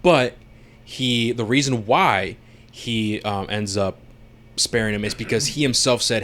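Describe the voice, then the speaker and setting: Laughing, animated male podcast co-host. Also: medium pitch, a little slow. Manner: animated, laughs often, acts out characters' lines. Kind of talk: casual recap chat.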